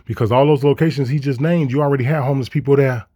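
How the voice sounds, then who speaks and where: A man's voice: mid-range voice, steady tone, rapid-fire, dark tone. A man giving profane, heated commentary, firing off mocking rhetorical questions. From Chicago. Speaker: commentator reacting to clips.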